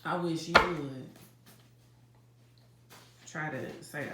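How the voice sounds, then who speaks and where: Brief: woman tarot reader, low voice, dramatic and chatty with viewers, roomy kitchen echo. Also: moderate pace, a little hiss or hum. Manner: dramatic, talks straight to viewers with "y'all". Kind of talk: casual psychic reading to camera. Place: home kitchen.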